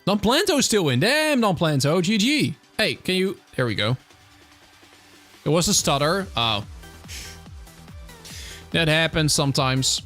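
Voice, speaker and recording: A Dutch-accented man chatting loosely with his livestream viewers. His voice sits a little high for a man, and he rambles with easy fillers and restarts. Soft music plays behind him. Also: big pitch swings, a little slow, long pauses. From Netherlands. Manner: chatty, reads and answers viewer chat, many fillers and restarts. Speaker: streamer. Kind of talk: casual livestream chat.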